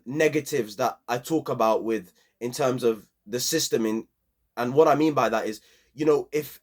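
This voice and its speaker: A man's voice: mid-range voice, darkish tone. A young man, giving a passionate, slangy football match review on his own channel.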